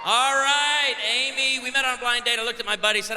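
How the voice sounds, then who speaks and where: A man's voice: very high-pitched, flat delivery, fast talker, pushed and bright, a little hiss or hum. A man in his forties from Illinois, a pastor giving a humorous sermon at a conference, joking in a punchy way and calling out to the audience. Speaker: pastor speaking at a women's conference. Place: large convention hall. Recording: echoey convention hall with faint ambience.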